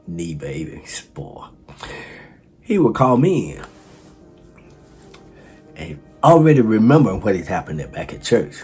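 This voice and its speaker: Older man, lively storyteller, very wide pitch swings, laughs a lot, guitar music underneath. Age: 60s. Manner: laughs often while telling. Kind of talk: personal storytelling.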